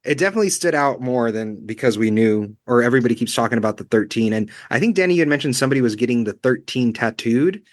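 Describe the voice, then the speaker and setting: A man chatting casually about books in a dry, close-sounding room. He talks in a loose, rambling way, padding his thoughts with fillers at a middle pitch. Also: animated, fast, few pauses, dry recording. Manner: chatty, fills with "you know" and "um". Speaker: book club co-host. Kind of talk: casual book discussion.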